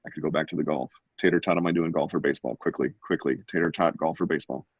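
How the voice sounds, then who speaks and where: A man's voice: very deep voice, steady tone, racing, slightly rough, dry recording, dull audio. A man hosting an online art class over a video call, giving playful, joking running commentary. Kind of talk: casual live-stream teaching.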